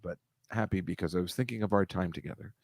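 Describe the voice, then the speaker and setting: A low, darkish, slightly rough male voice comes through fast and clean, with no echo, like a studio recording. The host rambles through a casual video-call chat over shared slides, wry and mocking, swearing freely.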